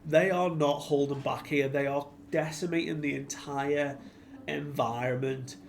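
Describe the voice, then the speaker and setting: A man's voice: fairly high pitch, fairly even intonation, unhurried, creaky, a little hiss or hum. A man giving a casual, chatty recap of a comic chapter as a reviewer, slipping into the characters' lines as he retells them. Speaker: anime and manga reviewer.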